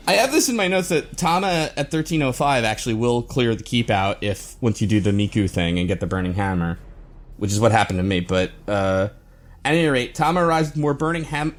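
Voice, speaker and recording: A man co-hosting a podcast, giving a casual, rambling recap from his notes with many fillers and chuckles. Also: mid-range voice. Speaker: podcast co-host.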